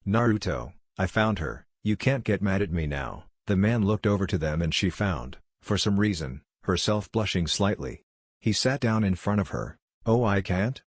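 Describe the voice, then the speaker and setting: A man with a very low voice reads a fan-fiction story aloud at an even, unhurried pace. The sound is dry and close, with no room around it. He reads every character in the same voice. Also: dry recording. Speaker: narrator. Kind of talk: scripted fan-fiction narration.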